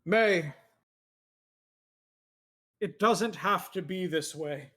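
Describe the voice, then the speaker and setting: A man's voice: sits high, very slow, bright, forceful tone, heavily acted. A man doing a courtly old villain. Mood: menacing. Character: old male villain, courtly then sinister.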